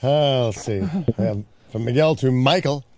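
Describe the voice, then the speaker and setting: A man hosting a call-in game on the radio, running it with quick, laughing patter. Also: medium pitch, darkish tone, a little hiss or hum. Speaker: radio host.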